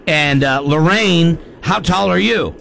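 A man hosting a call-in radio show, chatting and joking with callers and laughing loudly. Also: a little high, slow pace, gravelly, slight background noise.

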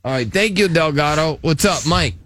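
A man hosting a casual radio show who laughs a lot and acts out callers' stories in squeaky voices. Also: animated, moderate pace, fairly bright tone. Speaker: radio host.

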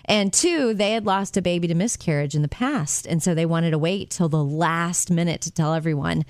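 A woman co-hosting a radio show in casual chat, telling stories in an animated way and laughing often. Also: on the low side, moderate pace, no room sound. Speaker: radio co-host.

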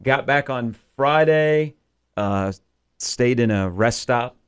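A man's voice: mid-range voice, takes it slowly, a bit bright, smooth. Man, sports radio host, casual rambling talk, lots of ums and uhs. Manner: rambling, many filler words.

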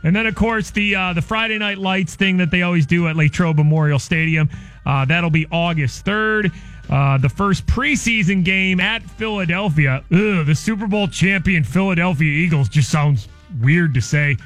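Bright, high-voiced male radio host. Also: normal speed, soft background music. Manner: energetic, playful, reads listener tweets. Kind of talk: morning radio banter.

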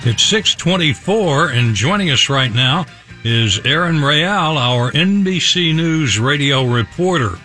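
A man's voice: fairly high pitch, animated, a little slow, pushed and bright, faint music behind. A man hosting a morning radio show in a friendly, conversational way.

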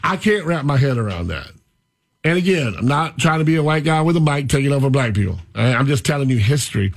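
A man hosting a radio talk show, rambling and animated as he tells stories. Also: medium pitch, quick pace, creaky. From Florida. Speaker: radio host.

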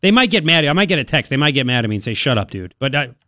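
A man's voice: fairly high pitch, rapid-fire. Sarcastic male talk radio host. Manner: sarcastic, mocking, animated. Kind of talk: opinionated talk radio monologue. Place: radio studio. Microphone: studio microphone.

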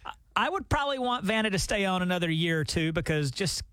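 Male radio co-host, high-pitched, chatty, dry close studio sound. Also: expressive, fast talker, a bit bright, clear, resonant tone, no room sound. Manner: chatty, brings up stories and recommendations. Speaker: radio morning show co-host. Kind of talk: casual morning radio banter. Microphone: studio microphone.

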